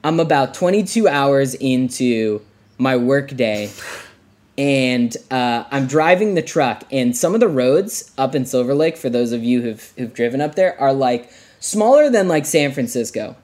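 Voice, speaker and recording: Here a young podcast guest with a mid-range, slightly mellow voice takes his time, his delivery expressive and unhurried. He wanders through a long, casual tale, leaning heavily on "like" as filler and breaking into laughter between lines.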